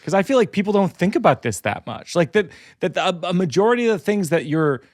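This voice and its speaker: Thoughtful comedian host, dry sound. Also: male voice, sits high, very animated, fast talker, a little mellow, no echo. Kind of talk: casual podcast conversation.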